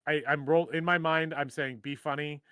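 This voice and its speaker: A middle-aged man hosts a casual live stream in a slightly high voice. He rambles, jokes at his own expense and circles back on his thoughts. The sound is dry and close. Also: fairly even intonation, fairly quick, sharp tone, smooth, no room sound. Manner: rambling, joking, self-deprecating. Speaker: host.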